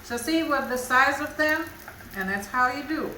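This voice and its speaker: Animated and high-voiced, a woman from Russia hosts a home cooking demo, talking through each step in broken English with a Russian accent. She speaks at normal speed in a pushed, bright tone. The low-quality recording is roomy, with slight background noise.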